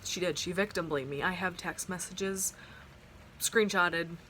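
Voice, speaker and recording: A young woman talks straight into her phone camera at home, pouring out a personal story in loose, rambling sentences with plenty of "like" and restarts. Her voice sits a little low for a woman, and there is faint background noise from an open window. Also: a little slow, pushed and bright. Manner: rambling, heartfelt storytelling with many fillers and restarts. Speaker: vlogger. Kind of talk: casual storytime vlog.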